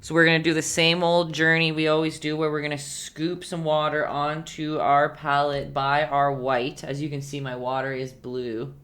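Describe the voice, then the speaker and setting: A woman's voice: low voice, flat delivery, moderate pace, hardly any pauses, a bit bright. A woman leading a live-streamed painting lesson, chatty and encouraging, humming to herself as she works. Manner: chatty and encouraging, hums while working. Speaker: painting instructor.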